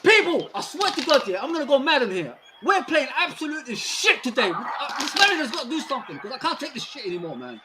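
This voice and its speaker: A man's voice: very high voice, big pitch swings, quick pace, few pauses, very noisy. A man co-hosting a live fan watchalong, ranting in exasperated disbelief at how his team is playing. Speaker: fan stream co-host. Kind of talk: live match watchalong chat.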